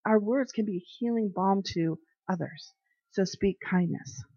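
A woman of medium pitch giving a casual devotional talk, telling everyday stories in a chatty way. She slips into the voices of the people she quotes. The recording is dry, with no room sound, and slightly muffled. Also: measured pace, mellow, slightly rough, no room sound. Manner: chatty storyteller who acts out quoted people. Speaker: devotional speaker. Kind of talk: casual faith talk with anecdotes.

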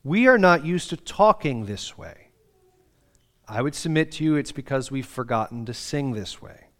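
A man's voice: medium pitch, expressive, normal speed. A middle-aged man preaching a sermon, earnest and conversational, reading scripture aloud with feeling. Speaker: pastor.

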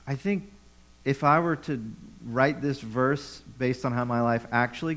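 A man's voice: mid-range voice, steady tone, a little slow, fairly bright tone, poor audio. Man preaching a conversational sermon. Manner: conversational preaching with rhetorical questions and repetition. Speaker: pastor. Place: church.

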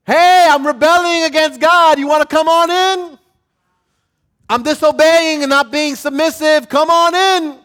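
A brash, reckless man calls out to the devil, loud and taunting, as a preacher acts him out. His voice jumps well above his speaking pitch, sharp and forceful. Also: steady tone, a little slow. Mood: defiant.

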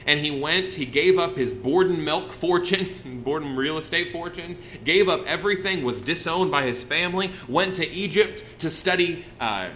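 In a folksy, conversational sermon, a man keeps breaking off mid-sentence to begin again. His voice is a little high and fairly bright, moving at a moderate pace with few pauses, and there's slight background noise.

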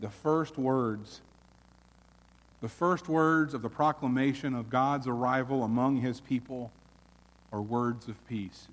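A man preaching a sermon as pastor, earnest, swelling loud and then dropping almost to a hush. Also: medium pitch, slow, in a large hall.

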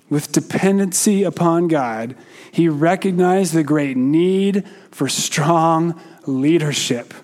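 His sermon unfolds slowly and steadily, with regular pauses and the occasional question put to the congregation. The voice leans high and is a little mellow.

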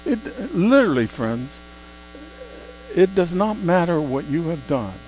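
A man preaching a sermon, swinging between quiet, slow asides and loud, emphatic exclamations. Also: on the high side, sing-song, slight background noise, rough recording.

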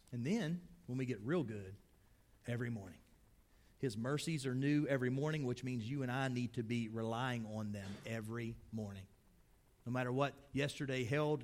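A middle-aged male pastor, his voice a little high, preaches a sermon conversationally. He sinks into a hushed, prayerful tone, then rises again to make emphatic points.

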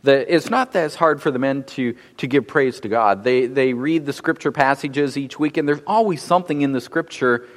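Man preaching in a reverberant hall. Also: medium pitch. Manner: measured, frequent word repetitions. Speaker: pastor. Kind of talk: sermon.

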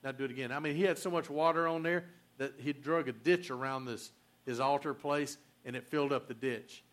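Preacher, male, folksy storyteller with joking asides, slightly higher voice, casual sermon delivery. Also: fairly even intonation, moderate pace.

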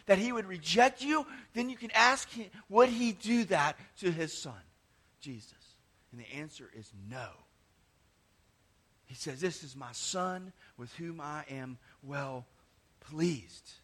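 A man preaching a sermon with passion, rising to emphatic cries and dropping to hushed, near-whispered lines, often repeating words as he restarts phrases. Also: high-pitched, expressive, measured pace. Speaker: pastor.

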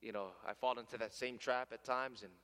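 A man preaching a sermon, calling out to his listeners as friends, rising to loud emphatic peaks and dropping to hushed near-whispers. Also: mid-range voice, fairly even intonation, a little fast, smooth. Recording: long hall reverb.

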